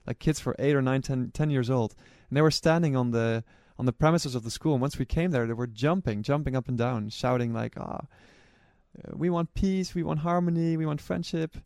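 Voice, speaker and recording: A man's voice: mid-range voice, fast, few pauses, no room sound. Earnest man recalling travels, dry sound. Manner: warm, earnest storytelling with frequent restarts. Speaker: charity relay runner and organizer. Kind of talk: personal recollection to camera.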